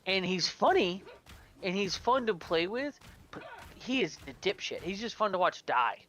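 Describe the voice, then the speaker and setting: A man's voice: high voice, very animated, normal speed, sharp tone, rough recording. A man telling rambling, profane gaming stories in casual chat as a podcast co-host.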